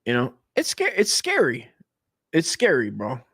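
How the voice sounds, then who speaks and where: Husky and mid-range, the voice belongs to a man in his forties from the United States hosting a comedy stream at a measured pace. It's a rambling, profane, eager monologue riddled with false starts.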